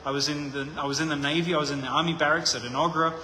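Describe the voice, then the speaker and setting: A man's voice: fairly high pitch, fairly even intonation, rapid-fire, pushed and bright, slight background noise. A man preaching a conversational sermon, thinking aloud with frequent restarts. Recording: echoey hall with long reverb.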